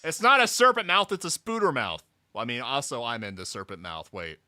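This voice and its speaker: A man streaming a story game, reacting to the scenes in a profane, mock-exasperated way and yelling at the characters. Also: medium pitch, big pitch swings, fairly quick, no room sound. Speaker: VTuber streamer.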